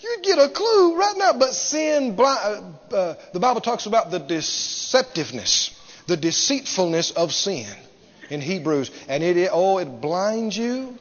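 A man preaching a sermon emphatically, repeating phrases and swinging from loud to hushed. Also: high voice, big pitch swings, a little slow. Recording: dull sound, long hall reverb.

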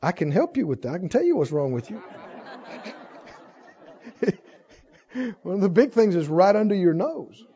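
High-voiced older preacher, emphatic. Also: male voice, sing-song, unhurried, long pauses, highs cut off, a faint crowd. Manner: emphatic, repeats call-and-response questions, swings between loud and soft. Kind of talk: sermon.

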